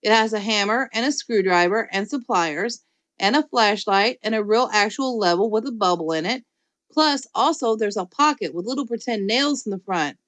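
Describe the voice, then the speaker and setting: A woman voicing an excitable, bossy little kindergarten girl in an audiobook, squealing and pleading. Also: mid-range voice, moderate pace, dry recording, lightly acted. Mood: begging. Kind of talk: audiobook character voice.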